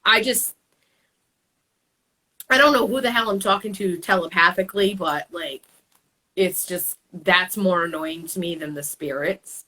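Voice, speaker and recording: A woman's voice: fairly low pitch, unhurried, long pauses, pushed and bright, low-quality recording. A middle-aged woman hosting a casual chat, talking bluntly and swearing freely. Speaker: host.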